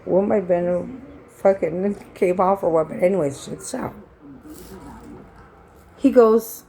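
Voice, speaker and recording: A woman's voice: on the low side, unhurried, warm tone, low-quality recording. A middle-aged woman, telling a rambling, blunt story in a casual vlog and acting out what people said. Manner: rambling, blunt and salty, reenacting dialogue. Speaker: vlogger.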